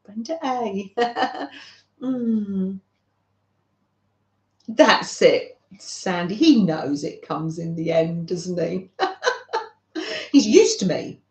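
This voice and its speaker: Gentle woman chatting slowly. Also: mid-range voice, animated, roomy sound, rough recording. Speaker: craft channel host. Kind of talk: casual livestream chat with viewers.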